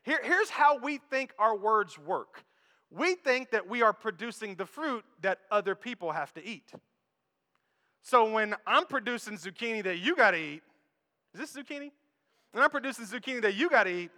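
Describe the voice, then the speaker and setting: A man preaching a sermon as pastor, swinging between quiet low passages and loud raised ones. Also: expressive, moderate pace. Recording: long hall reverb.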